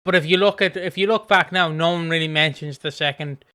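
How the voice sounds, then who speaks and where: A man's voice: fairly high pitch, brisk, pushed and bright. A man co-hosting a podcast in casual chat, rambling into tangents and laughing easily. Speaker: podcast co-host.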